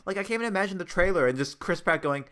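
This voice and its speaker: Rambling man with lively pitch. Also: very fast. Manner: rambling, laughs often, many restarts. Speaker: podcast co-host. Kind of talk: casual chat.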